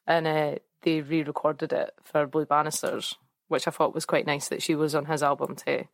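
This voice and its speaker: A woman's voice: low voice, little pitch movement, normal speed, creaky, no echo. A young Scottish woman co-hosting a podcast, chatting casually, telling stories and laughing often. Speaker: podcast co-host. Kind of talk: casual chat.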